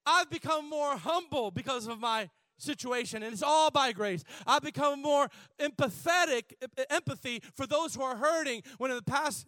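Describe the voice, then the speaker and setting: A man preaching a sermon, repeating words and drawing out phrases, building from quiet emphasis to shouted fervor. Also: extremely high pitch, moderate pace, no room sound.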